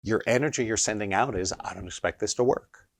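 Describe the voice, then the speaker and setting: A man's voice: lowish voice, a little fast, vocal fry, dry recording. A man teaching energy healing in an emphatic instructional monologue, often checking in with a rhetorical "right?".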